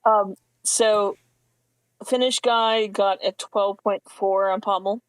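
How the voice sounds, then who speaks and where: A man with a high, light voice co-hosts a live sports stream and calmly walks through scores and facts. His delivery is steady and informative, dotted with little fillers. The sound is close and dry. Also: takes it slowly, clear, resonant tone, no room sound, rough recording. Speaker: commentator. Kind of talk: casual live-stream commentary.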